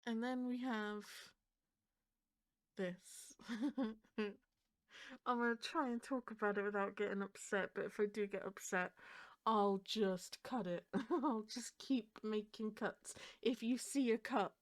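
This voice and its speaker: A woman's voice: medium pitch, steady tone, takes it slowly. A woman hosting a reaction video, talking casually and rambling as she fights back emotion, often laughing nervously.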